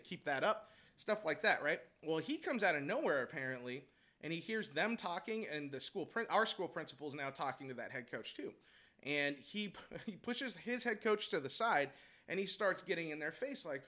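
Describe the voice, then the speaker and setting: A man telling a heated story about coaching basketball, animated and profane, laughing as he goes. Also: a little high. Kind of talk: casual storytelling chat.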